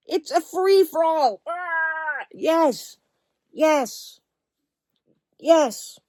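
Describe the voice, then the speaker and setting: Talking straight to the camera with real passion, this spiritual healing coach has a high-pitched, expressive voice with a darkish tone, and she takes her time. There's no room sound. She curses openly and drags out words for emphasis, then softens into a calm, reassuring manner.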